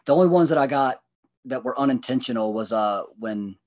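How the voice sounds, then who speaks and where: A man co-hosting a casual movie review chat, speaking haltingly with frequent restarts. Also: medium pitch, expressive, a little mellow, muffled recording. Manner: halting, stumbling over restarts. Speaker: podcast co-host.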